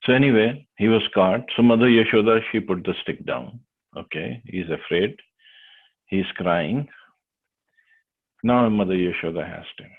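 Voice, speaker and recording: A man teaching a devotional class, retelling a sacred story with hesitant, lively storytelling, over a tinny phone-like line. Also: lowish voice, unhurried, pauses often, breathy edge.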